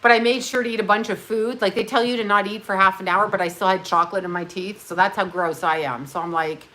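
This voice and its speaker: A woman from Canada talks to her viewers in a loose, rambling way, blunt and salty with plenty of self-mockery. Her voice is bright and forward, sitting right in the middle of a woman's range. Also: medium pitch, fairly even intonation, fast. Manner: rambling, blunt and profane with self-mocking asides. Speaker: livestream host. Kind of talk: casual chat.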